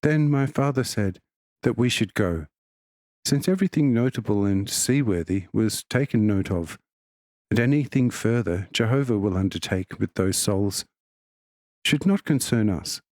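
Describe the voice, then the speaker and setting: A man narrating a religious book as an audiobook reader, in a measured, even delivery. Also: fairly low pitch, no echo, clean studio sound.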